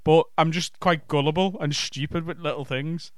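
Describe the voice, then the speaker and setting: A man's voice: on the high side, fairly even intonation, moderate pace, dry recording, clean studio sound. A man from Liverpool with a Scouse accent, a comedian chatting casually on a podcast and laughing easily. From Liverpool, England.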